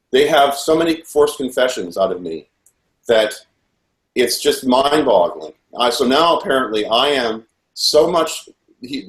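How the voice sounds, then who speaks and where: A man giving earnest, intense personal testimony, telling a story and replaying what others said. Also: lowish voice. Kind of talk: personal testimony, recounting events. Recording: echoey room.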